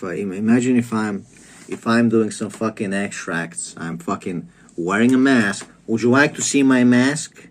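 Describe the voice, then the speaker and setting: A man's voice: lowish voice, darkish tone. A man delivering a comedic rant to camera, crude and profane, lecturing with stammered restarts. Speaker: comedic vlogger.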